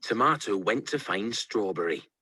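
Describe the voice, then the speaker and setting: Expressive man reading a children's story. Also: on the low side, normal speed, slightly rough, no echo. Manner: expressive, playful. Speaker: storybook reader. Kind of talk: children's read-aloud.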